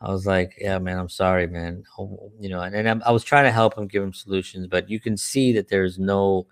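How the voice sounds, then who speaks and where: A man's voice: low voice, fairly even intonation, brisk, vocal fry, dry recording, clean studio sound. A man who works with a church, telling earnest, rambling personal stories with many rhetorical questions. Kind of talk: personal storytelling talk.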